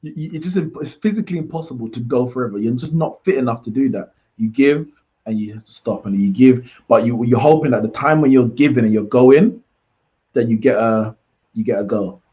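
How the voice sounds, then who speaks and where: A man's voice: medium pitch, a little fast, mellow, highs cut off. A man hosting a live football watchalong, chatting casually and reacting aloud to the play. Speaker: watchalong host. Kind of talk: live match watchalong commentary.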